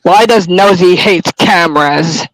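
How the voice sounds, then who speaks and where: A man's voice: high-pitched, a little slow, a bit bright, no room sound, rough recording. A man in a casual livestream chat, firing trivia questions at his friends. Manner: quizzes the others with trivia questions.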